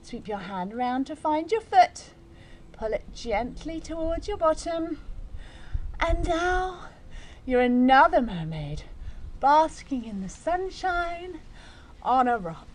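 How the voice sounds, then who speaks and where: A woman's voice: sits high, big pitch swings, takes it slowly, slight background noise. A woman teaching a yoga class for young children, giving playful, encouraging, story-like instructions.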